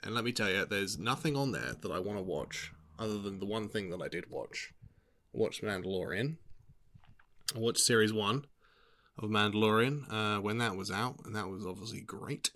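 A man's voice: on the low side, moderate pace, fairly bright tone. A young man chatting casually in a rambling, laid-back way, swearing freely as he talks about TV shows. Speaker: vlogger. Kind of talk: casual chat.

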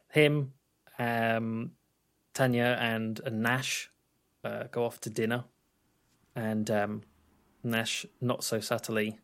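A man co-hosting a podcast, talking about a film in a laid-back, hesitant way with frequent restarts and laughs. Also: mid-range voice. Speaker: podcast co-host. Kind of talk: casual film review chat.

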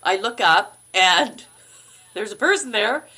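Lively, bright-voiced middle-aged woman. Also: medium pitch, takes it slowly, slightly rough. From Canada. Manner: animated, laughs often, acts out quoted lines. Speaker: podcast guest, actor. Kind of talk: casual interview storytelling.

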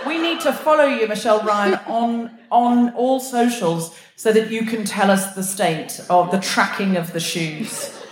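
A woman's voice: on the high side, measured pace, few pauses. A woman raised in Australia hosting a live comedy podcast on a theatre stage, teasing and bantering with the crowd. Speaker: host. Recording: live theatre recording with audience noise.

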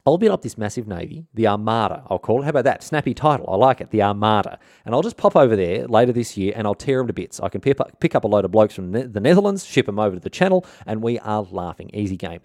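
A man's voice: fairly low pitch, expressive, fast, few pauses, darkish tone, dry recording, clean studio sound. A man voicing a scheming, blustering king in a comic retelling, with a swaggering, slangy way of talking. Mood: cocky scheming. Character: brash blustering Spanish king, a scheming middle-aged man.

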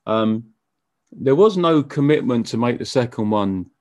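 A man being interviewed as a musician, talking casually in a halting way with frequent stammered restarts. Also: medium pitch, lively intonation, a little mellow, no echo. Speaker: musician guest.

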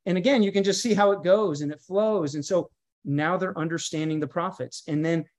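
Man, pastor, guest on a podcast, fairly high voice, emphatic, preacher-like. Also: brisk, a little mellow. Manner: emphatic, preacher-like, builds through lists and repeated phrases. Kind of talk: podcast interview, earnest teaching tone.

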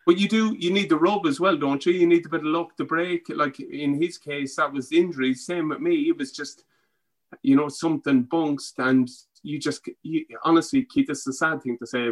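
An Irish man, a former rugby player, chatting as a podcast guest and telling animated stories, acting out what others said. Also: a little high, fairly quick, rough recording. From Ireland. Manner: animated storytelling, acting out quotes. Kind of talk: casual chat.

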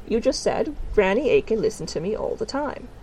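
A woman's voice: medium pitch, big pitch swings, fairly quick, warm tone, slight background noise, low-quality recording. A woman voicing a stubborn, earnest young farm girl who argues her point insistently. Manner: insistent, argumentative.

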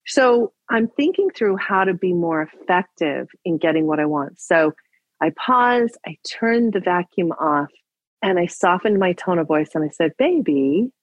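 A woman's voice: on the low side, a little slow, no room sound, rough recording. A woman relationship coach on a podcast, telling a personal story with acted-out dialogue and giving advice. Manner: animated storyteller, acts out dialogue.

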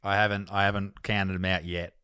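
A man's voice: sits low, flat delivery, brisk, bright, forceful tone, smooth. A young Australian man co-hosting a podcast, telling profane, jokey stories in casual banter and laughing at his own lines. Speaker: podcast co-host.

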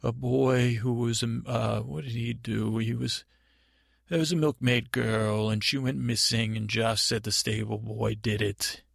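A man's voice: mid-range voice, level tone, vocal fry, no room sound, studio quality. A man playing a timid rambling boy prince. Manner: halting, stammering, meandering storytelling. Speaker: improv comedy podcast performer. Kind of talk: improvised comic monologue.

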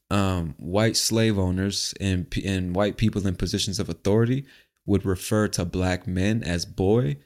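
A man from the United States hosts a solo podcast in a relaxed, conversational way. His voice sits very low, and he talks loosely, with frequent swearing. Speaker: podcast host. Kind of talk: casual podcast monologue.

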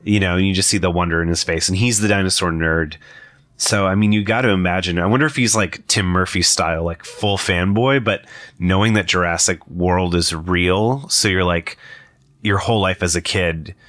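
A young man with a low-pitched, slightly bright voice breaks down a trailer at a moderate pace, recorded with no room sound. His commentary is casual and rambling, full of fillers and self-corrections.

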